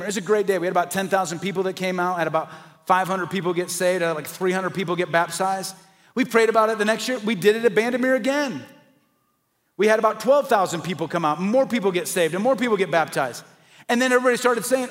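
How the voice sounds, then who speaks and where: A man's voice: sits high, fast. A man preaching a sermon as pastor, earnest and building to passionate emphasis. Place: church sanctuary. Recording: long hall reverb.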